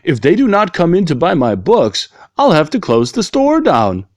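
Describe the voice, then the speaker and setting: Male reader doing a kindly bookshop owner, slightly raised voice, lively ups and downs. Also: fairly high pitch, normal speed, dry recording, clean studio sound, pitched above the performer's own voice. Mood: worried. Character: kindly bookstore owner man, fond of cheese and cats.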